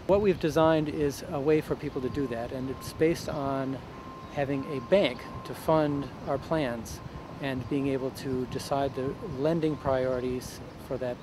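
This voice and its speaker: A man's voice: mid-range voice, background noise. A man earnestly explaining his economic reform project in an interview.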